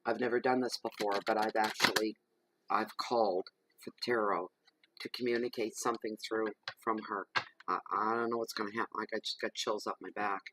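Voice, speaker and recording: A man gives a tarot reading to camera at home in the evening. He talks in a chatty, rambling way and slips into soft, murmured invocations. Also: on the low side, steady tone, fairly quick, a little hiss or hum, rough recording. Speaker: tarot reader. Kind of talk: casual chat to camera during a tarot reading. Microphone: camera microphone.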